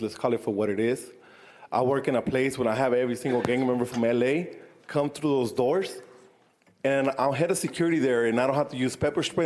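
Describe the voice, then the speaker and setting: A man's voice: fairly high pitch, darkish tone. A man giving an impassioned, repetitive public comment at a county board meeting. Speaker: public commenter, head of security.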